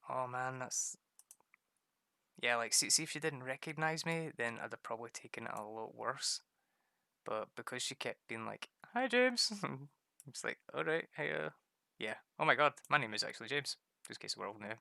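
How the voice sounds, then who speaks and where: A man's voice: mid-range voice, moderate pace, vocal fry, sharp tone, no room sound, clean studio sound. A man, chatting casually on a stream, laughing often and mimicking people. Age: 30s.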